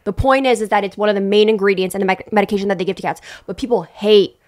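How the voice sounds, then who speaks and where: A woman co-hosting a podcast in casual chat, animated and swearing freely as she exaggerates for comic effect. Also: mid-range voice, fast. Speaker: podcast co-host.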